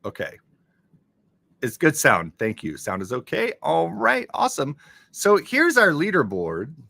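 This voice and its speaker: A man chatting to his live-stream viewers with a lively voice that swings up and down in pitch. He talks in an unhurried way with a bright, forceful tone and often gets excited as he thanks people. This is casual talk straight to his audience. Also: creaky, dry recording.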